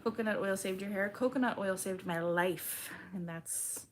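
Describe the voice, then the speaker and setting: A young woman hosting a casual livestream, reading chat aloud and chatting back in a slow, laid-back drawl. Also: medium pitch, slight background noise.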